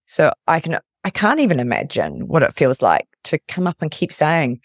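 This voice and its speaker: A man's voice: on the high side, wildly swooping pitch, moderate pace, dry recording, clean studio sound. A man hosting a podcast interview, speaking in an affirming, reflective way and often restarting his phrases. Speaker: podcast host.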